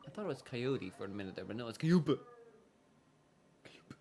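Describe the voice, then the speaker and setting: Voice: medium pitch, animated, rapid-fire, creaky, mellow, slight background noise. A streamer chatting loosely over gameplay, rambling, swearing casually and trailing off mid-thought.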